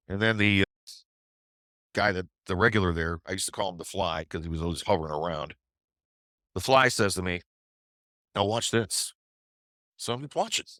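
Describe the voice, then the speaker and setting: Forceful low-voiced trading teacher telling a story. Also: male voice, no room sound. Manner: conversational, with tag questions. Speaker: trading educator. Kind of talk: webinar storytelling.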